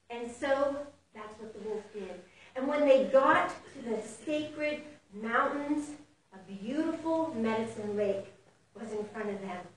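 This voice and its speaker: A woman preacher tells a fable with dramatic swings in loudness, in a high voice at a slow pace. She is recorded from afar in a very echoey sanctuary, with a faint hiss behind her. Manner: expressive, dramatic storytelling with big swings in loudness. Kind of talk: storytelling sermon. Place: fellowship sanctuary. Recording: echoey hall from far off, faint noise.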